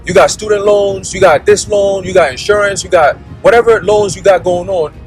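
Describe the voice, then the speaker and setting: A man's voice: high voice, normal speed, soft background music, rough recording. A man giving a blunt, profane preaching monologue, constantly checking in with "okay?" and "all right?". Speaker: religious commentator.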